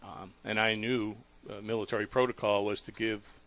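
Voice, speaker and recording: A man with a low, gravelly voice hosts a talk radio program. He tells a story earnestly, full of feeling, stumbling over his words and starting again. His delivery sounds like unscripted storytelling on the air. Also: little pitch movement, fairly bright tone. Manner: earnest, emotional retelling with halting restarts.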